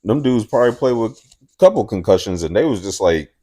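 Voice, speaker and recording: Deep-voiced man, animated sports-chat host, slangy, expressive swings. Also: brisk. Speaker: podcast host.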